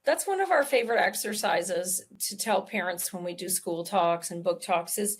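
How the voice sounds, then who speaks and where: A woman, a guest author on a podcast, explaining parenting advice in an earnest way and slowing down to stress key words. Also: medium pitch, animated, breathy edge. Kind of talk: conversational interview.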